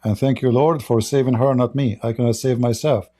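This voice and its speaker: A man's voice: medium pitch, fairly even intonation, fairly quick, warm tone. A man hosting a live-stream religious debate, preaching to callers and taunting challengers. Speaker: host.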